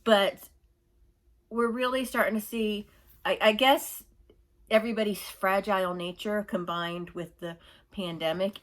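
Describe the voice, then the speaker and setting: Medium in pitch and a little slow, with fairly even intonation, this woman vlogs a rambling, exasperated opinion rant. She laughs through her stories and imitates others in whiny mocking voices.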